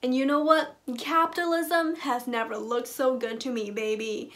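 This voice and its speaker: A woman's voice: high-pitched, steady tone, normal speed, fairly bright tone. A woman hosting a casual reaction vlog who talks in a playful, joking, teasing way. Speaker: reaction video host.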